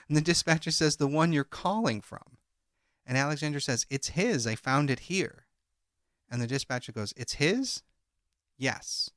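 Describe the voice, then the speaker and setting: Bright-voiced man retelling a story. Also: fairly high pitch, a little slow, long pauses, dry recording, clean studio sound. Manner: recounts a transcript, reading out each speaker's lines in turn. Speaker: podcast co-host. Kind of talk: true crime podcast retelling.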